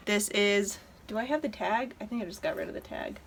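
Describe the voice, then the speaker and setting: A woman's voice: medium pitch, fairly quick, few pauses, very noisy. A woman hosting a knitting podcast, chatting casually and enthusiastically as she shows her projects at home. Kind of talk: casual show-and-tell chat.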